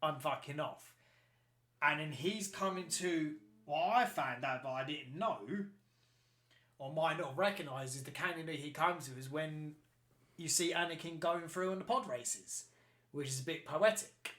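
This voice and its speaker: A man co-hosting a podcast, chatting excitedly, swearing a lot and acting out quotes. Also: a little high, moderate pace. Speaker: podcast co-host. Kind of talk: casual chat. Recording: roomy echo.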